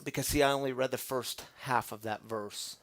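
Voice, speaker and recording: A man preaching to a live audience, conversational, dropping from loud bursts to near whispers. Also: medium pitch, steady tone, moderate pace. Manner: dramatic shifts from loud to hushed; conversational, calls the audience y'all. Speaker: pastor. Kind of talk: sermon.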